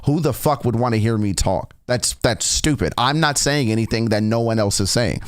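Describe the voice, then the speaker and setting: A man's voice: medium pitch, moderate pace, no room sound, studio quality. Young man, casual storytelling, frank and swearing, dead room. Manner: candid, frequent swearing and restarts. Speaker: reaction video host.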